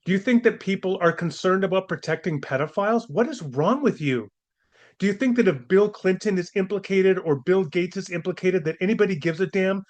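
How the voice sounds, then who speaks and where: A man with a somewhat high-pitched voice delivers a commentary monologue as host. He sounds indignant and scornful, and he drives his points home with pointed rhetorical questions. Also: lively intonation, brisk.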